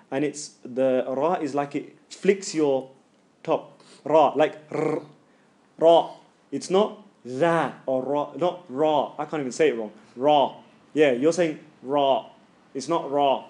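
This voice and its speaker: A man teaching a tajweed class, joking with students and loudly demonstrating sounds. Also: a little high. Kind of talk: classroom lesson.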